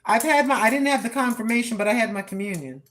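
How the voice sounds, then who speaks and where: A woman's voice: fairly high pitch, quick pace, fairly bright tone. An older woman talking casually and preachily while live-streaming on a walk, recorded on her phone. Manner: chatty, preachy, talks to herself. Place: outdoors on a walk.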